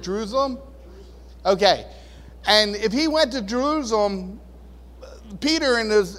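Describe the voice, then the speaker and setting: A high-pitched man gives a relaxed, chatty sermon in a church hall with a long echo. He chuckles often and acts out the voices he quotes. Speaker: pastor. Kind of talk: casual sermon. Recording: long reverb of a large hall.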